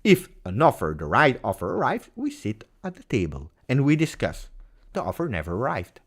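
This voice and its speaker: A man's voice: mid-range voice, huge pitch swings, normal speed, slightly rough. A man hosting a live post-match football reaction stream, talking in a heated, emphatic way and repeating phrases for stress. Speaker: football channel host.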